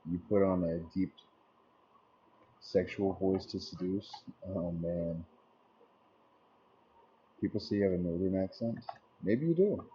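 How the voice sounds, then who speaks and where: A man's voice: low-pitched, level tone, a little slow, long pauses, warm tone. A man chatting casually on a live stream, rambling in a laid-back way as he answers viewer messages aloud. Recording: dull lo-fi stream audio, faint noise.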